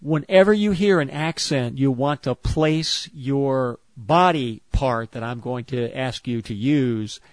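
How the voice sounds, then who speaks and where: A man calmly explaining a movement exercise step by step, repeating each point with care. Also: medium pitch, slow pace, few pauses, no echo. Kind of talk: step-by-step instruction.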